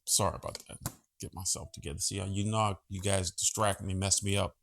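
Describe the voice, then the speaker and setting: A man's voice: deep voice, level tone, fairly quick, creaky, fairly bright tone, a little hiss or hum. A man hosting a casual monologue vlog from home, chatty, profane and easily sidetracked. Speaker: vlogger host.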